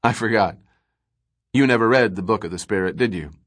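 A man's voice: on the low side, fairly quick, close to an everyday voice. A man voicing a weary, gloomy male space trader who talks in clipped, wry remarks.

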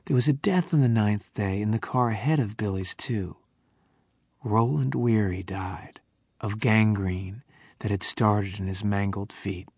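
A man reading a novel aloud in a measured way, sometimes dropping to a whisper. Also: fairly low pitch, darkish tone, breathy edge, no room sound, clean studio sound. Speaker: audiobook narrator. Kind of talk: scripted narration of a novel.

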